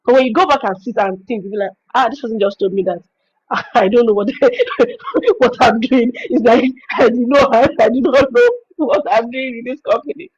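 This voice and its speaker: Nigerian woman trainer, high and animated voice, informal teaching tone, dull lo-fi stream sound. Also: normal speed, husky. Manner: animated, expressive storytelling. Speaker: virtual assistant trainer hosting a webinar.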